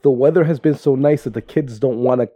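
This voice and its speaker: Profane teasing man, mellow voice. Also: medium pitch, fast talker, no echo. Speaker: podcast co-host. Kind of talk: casual chat.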